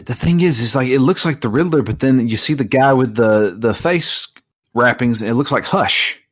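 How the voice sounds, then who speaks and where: A man's voice: medium pitch, normal speed, dry recording, clean studio sound. A man co-hosting a gaming podcast in casual chat, with a playful, teasing manner. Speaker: podcast co-host.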